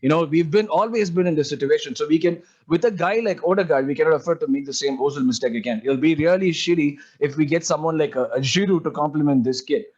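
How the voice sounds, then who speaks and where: A man's voice: on the high side, fast, few pauses, a little mellow, slightly rough, dull audio. A man chatting casually as a podcast co-host, rambling through his points with lots of "like" and "you know". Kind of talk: casual fan podcast chat.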